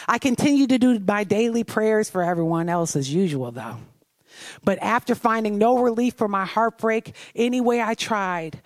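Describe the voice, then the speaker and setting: An earnest woman delivers a devotional message built on her own testimony. She talks slowly and confessionally, pausing to put questions to the listener. The recording is dry and close. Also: medium pitch, no room sound. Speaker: devotional speaker.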